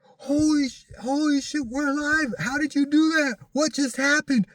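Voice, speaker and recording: A man doing a frantic, shrill woman passenger. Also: steady tone, normal speed, dry recording, natural voice. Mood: frantic disbelief. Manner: frantic, breathless exclaiming.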